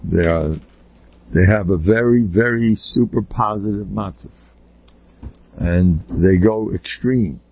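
A man, a rabbi, delivering a blunt and emphatic Torah lecture full of rhetorical questions, often pushing up into high exclamations. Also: slow pace, long pauses. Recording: slightly dull, lo-fi recording.

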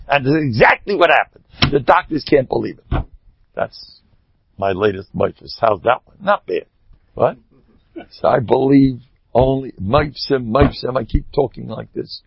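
An older rabbi with a Yiddish-inflected English accent, telling joking stories in an informal Torah talk, with sudden loud bursts. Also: male voice, medium pitch, measured pace, gravelly, slightly rough, no echo. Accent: Orthodox Jewish Yiddish-inflected English. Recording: dull lo-fi dry recording.

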